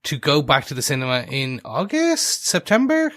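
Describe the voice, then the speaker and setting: A man's voice: a little high, huge pitch swings, normal speed, fairly bright tone, dry recording, studio quality. A man co-hosting a TV podcast, jokey and self-deprecating. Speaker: podcast co-host. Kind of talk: casual chat.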